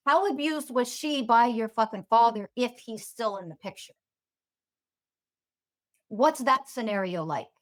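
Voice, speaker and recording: A woman with a fairly high voice delivers a fiery podcast monologue as a spiritual teacher. She swears freely and stacks one sarcastic rhetorical question on top of another.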